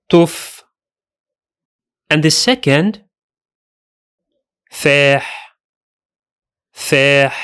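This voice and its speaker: A man teaching Arabic pronunciation in a scripted lesson, speaking deliberately and saying each sound twice. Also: a little high. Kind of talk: slow scripted lesson narration.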